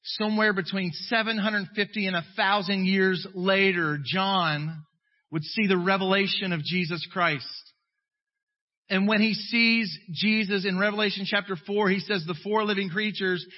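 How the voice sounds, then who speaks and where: A man preaching a sermon as pastor, animated and emphatic, slipping into comic voices of people he quotes. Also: high-pitched, moderate pace, in a large hall, highs cut off.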